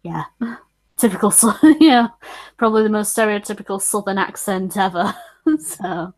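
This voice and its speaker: A woman from northern England, with a northern English accent, chats casually on a stream. Her mid-range voice is animated at a moderate pace, and she's giggly, laughing often between remarks.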